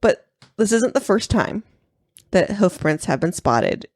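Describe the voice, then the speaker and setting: A woman co-hosting a podcast in casual chat, telling a story in a giggly, animated way. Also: mid-range voice, unhurried, dry recording, clean studio sound. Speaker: podcast co-host.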